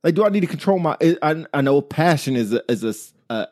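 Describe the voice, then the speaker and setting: A man's voice: on the high side, fast, no room sound, studio quality. A man co-hosting a casual talk show, chatting animatedly and acting out quoted remarks as he makes his points. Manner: animated, talks through examples with quoted asides. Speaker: podcast co-host. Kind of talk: casual chat.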